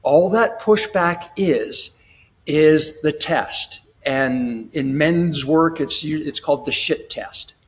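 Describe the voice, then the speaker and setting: Relationship coach with a raised pitch. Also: male voice, slow. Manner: acts out little scenes in put-on voices, with frequent restarts. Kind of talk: podcast interview.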